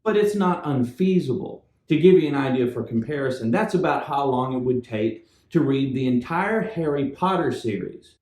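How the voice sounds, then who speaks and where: A man giving a measured, earnest talk that explains how to read the Bible, sharing his own view as a Bible teacher. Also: medium pitch, darkish tone, echoey room. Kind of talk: scripted explainer talk to camera.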